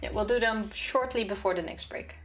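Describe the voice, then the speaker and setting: A woman's voice: medium pitch, fairly quick, soft background music. A woman co-hosting a live game stream, chatting casually and thanking viewers with frequent giggles. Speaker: streamer co-host.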